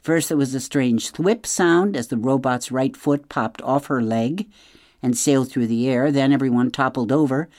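A middle-aged woman reading a children's novel aloud on radio, expressive and speaking straight to the listener, then signing off as host. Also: rumbling low, moderate pace, no echo, studio quality.

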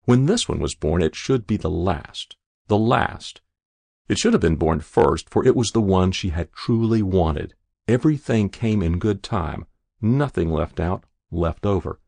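A man narrating a literary short story in a measured, expressive way. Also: fairly low pitch, creaky, husky, no room sound. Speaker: reader.

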